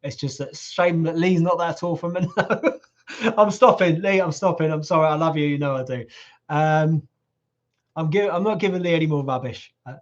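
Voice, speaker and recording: A middle-aged man hosts a casual live stream, joking and teasing as he answers viewers. His voice sits fairly high for a man and is wearing a little hoarse. The sound is dull and lo-fi. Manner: jokey, teasing, chatty. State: voice going hoarse. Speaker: livestream host reading viewer comments. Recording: lo-fi livestream audio.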